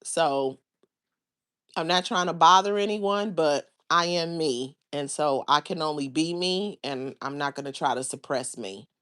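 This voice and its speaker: A woman's voice: deep voice, measured pace, a bit bright, smooth. A woman hosting her own livestream, talking to her viewers in a blunt, profane, rambling way. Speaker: livestream host. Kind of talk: casual livestream chat.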